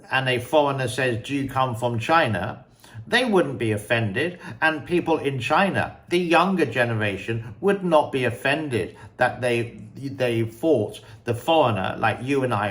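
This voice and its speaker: A man hosting a picture quiz, talking slowly and deliberately and putting questions to the viewer. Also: mid-range voice, a bit bright. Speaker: show host. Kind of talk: casual commentary quiz to camera.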